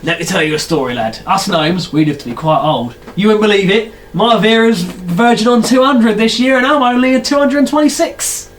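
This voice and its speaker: A man's voice: high voice, expressive, brisk, hardly any pauses, voice pushed up. A man voicing a chatty, nosy elderly male gnome in a tabletop game. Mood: storytelling. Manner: chatty, folksy storytelling.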